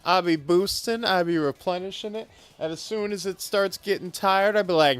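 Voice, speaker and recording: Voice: medium pitch, normal speed, smooth, faint music behind. A VTuber streamer giving casual, joking commentary over gameplay, breaking into theatrical mock pleading and moaning.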